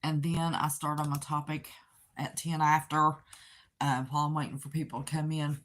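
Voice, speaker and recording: A woman's voice: deep voice, flat delivery, normal speed. Chatty Southern West Virginia woman. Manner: rambling, chatty, reads viewer comments aloud. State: tired. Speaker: livestream host. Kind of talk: casual livestream chat.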